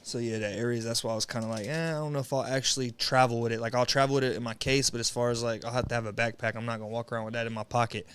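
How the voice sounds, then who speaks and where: A man's voice: medium pitch, little pitch movement, very fast, few pauses, a bit bright, smooth. A young man chatting casually on a livestream, rambling and slangy with lots of swearing, greeting viewers as he goes. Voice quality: laid-back, rambling, slangy with frequent swearing. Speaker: streamer.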